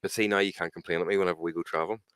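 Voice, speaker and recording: A man's voice: sits low, steady tone, very fast, fairly bright tone, smooth, no room sound, clean studio sound. A man, co-hosting a podcast in casual, sweary banter and acting out quotes. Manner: swears a lot, acts out quotes with mock voices. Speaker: podcast co-host.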